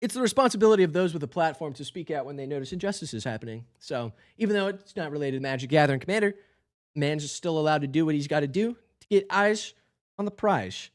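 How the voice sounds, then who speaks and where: A hoarse man talking casually to a live-stream audience in rambling, self-deprecating asides. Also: a little high, expressive, fast talker.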